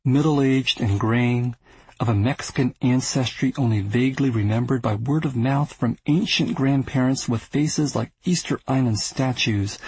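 A man reading a literary novel aloud in a measured, steady narration. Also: medium pitch, breathy edge, no room sound, rough recording. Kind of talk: scripted audiobook narration.

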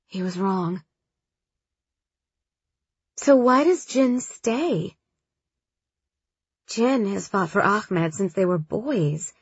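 A woman voicing a gentle, wistful young woman who speaks softly and reflectively. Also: mid-range voice, lively intonation, extremely slow, pauses often, husky, no room sound, dull audio, full character voice.

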